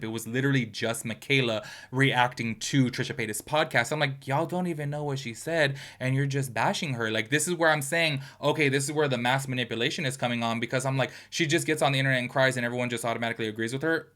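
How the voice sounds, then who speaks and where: A man's voice: mid-range voice, fast talker, few pauses, a bit bright. A man hosting a drama commentary channel, talking bluntly and chattily with strong opinions.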